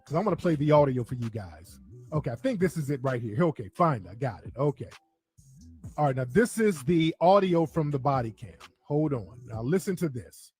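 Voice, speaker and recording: A man giving casual, animated commentary straight to his viewers, repeating himself for emphasis. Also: medium pitch, normal speed, slightly rough, faint music behind. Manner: animated, repetitive, talks to viewers directly. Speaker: online commentator.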